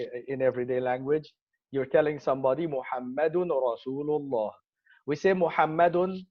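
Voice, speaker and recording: A man teaching an online grammar lesson, spelling out terms slowly and calling on students by name. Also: a little high, darkish tone, highs cut off. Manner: slow, deliberate drilling of Arabic terms, calling on students.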